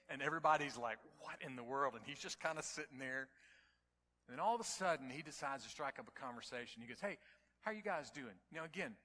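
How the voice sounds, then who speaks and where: A man's voice: medium pitch, slight background noise. Preaching man in a reverberant hall. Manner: storytelling, voice rising to near-shouts at climaxes. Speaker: pastor. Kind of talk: sermon. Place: church sanctuary.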